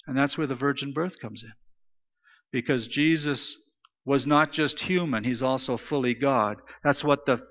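A man's voice: mid-range voice, a bit bright, in a large hall, muffled recording. A man preaching a sermon in an emphatic style, repeating phrases for stress. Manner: emphatic, repetitive preaching cadence. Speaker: pastor.

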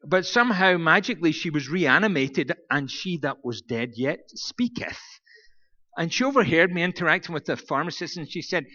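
A man's voice: on the high side, lively intonation, fairly quick, pushed and bright. A man giving a humorous sermon as a guest preacher, telling wry, self-mocking stories. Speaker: guest preacher from a church planting network. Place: church. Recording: dull recording in a reverberant hall.

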